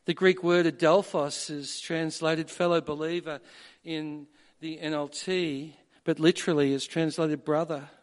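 A man preaching a sermon, measured at first and building to emphatic peaks. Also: fairly high pitch, steady tone. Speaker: pastor.

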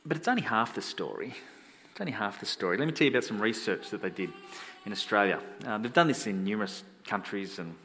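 A man preaching in a conversational, self-deprecating way, telling stories and getting animated when he quotes people. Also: on the low side, quick pace, faint music behind. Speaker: pastor. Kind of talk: sermon storytelling. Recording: long hall reverb.

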